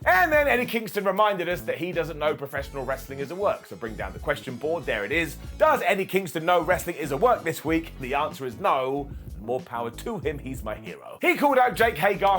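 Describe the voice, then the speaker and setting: A man gives a playful, self-mocking review that swings between loud bursts and quiet asides. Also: fairly high pitch. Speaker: wrestling show reviewer. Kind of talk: comedic scripted review.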